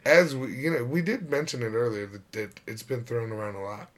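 A man's voice: medium pitch, steady tone, brisk, a little hiss or hum. A young man co-hosting a casual sports podcast, bantering in a dry, matter-of-fact way. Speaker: podcast co-host.

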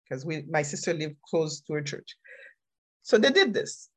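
A woman telling a personal story on a podcast, animated and laughing often, repeating key phrases for emphasis. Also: on the low side, a little slow, breathy edge. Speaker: podcast speaker and life coach.

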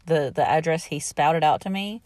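Middle-aged woman, podcast host, exasperated casual storytelling, slightly low pitch, dry close recording. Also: moderate pace, a little mellow, no echo. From Southern United States. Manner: chatty and exasperated, laughs between remarks.

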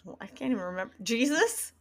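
A woman's voice: on the high side, big pitch swings, quick pace, fairly bright tone. Playful blunt woman podcast co-host. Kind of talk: casual chat.

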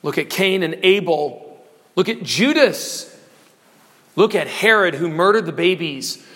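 A man's voice: high-pitched, lively intonation, unhurried, fairly bright tone. A man in his forties preaching a sermon, fervent and rising to impassioned pleas. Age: 40s. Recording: echoey hall reverb.

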